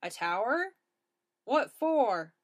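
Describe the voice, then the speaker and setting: A blunt, suspicious policeman from a spoken comic storybook barks short, loud questions, as a woman reader puts him on. The voice sits a touch high. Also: sing-song, very slow, exaggerated voice. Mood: stern.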